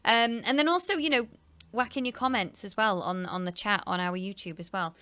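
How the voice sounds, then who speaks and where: English woman, chatty co-host on a footy stream, mid-pitched voice, jumps in with quick reactions. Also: pushed and bright, smooth. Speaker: co-host of a football watchalong. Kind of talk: casual football chat.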